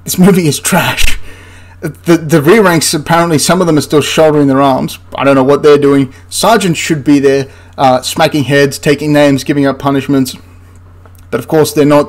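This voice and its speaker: A man in a casual, sarcastic commentary, talking at his desk into a desktop mic. His voice sits a little on the high side, and he keeps breaking into incredulous laughter as he picks things apart. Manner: sarcastic and exasperated, laughs in disbelief. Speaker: history commentator reviewing a film. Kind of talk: casual commentary over film clips.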